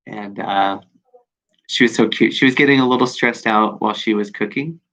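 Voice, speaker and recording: A man recording a personal video journal, talking in a reflective, halting way with many pauses and fillers. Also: on the low side, a bit bright. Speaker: video diarist. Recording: dull lo-fi recording.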